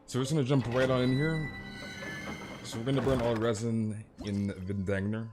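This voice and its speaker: A man's voice: medium pitch, fairly even intonation, normal speed. A man with an American accent hosting a live game stream, upbeat and greeting viewers in chat by name. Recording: game music playing behind. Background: game music.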